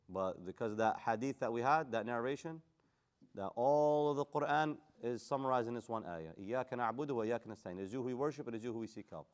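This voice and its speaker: Philly guy teaching quran class, talks quick, fires questions at students, real animated. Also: medium pitch. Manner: animated, quizzing the class, casual street phrasing. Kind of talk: classroom lesson on Quran tafsir.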